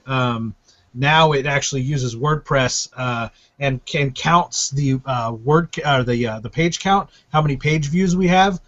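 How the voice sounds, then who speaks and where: A man's voice: medium pitch, a little slow, fairly bright tone. An American man hosting a live stream, rambling and profane, with many fillers. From United States. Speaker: host and publisher. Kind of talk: casual live-stream chat. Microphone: webcam. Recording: lo-fi webcam audio.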